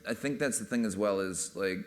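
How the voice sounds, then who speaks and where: A man's voice: on the low side, fairly quick. A man speaking as a film director on a panel, rambling casually with many fillers. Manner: rambling, full of "you know" and "like".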